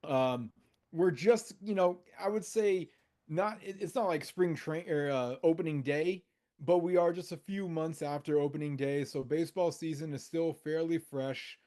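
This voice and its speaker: Man, a bit high-pitched, casual podcast co-host, meandering and enthusiastic, on a video call. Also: normal speed, warm tone. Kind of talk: casual chat among friends.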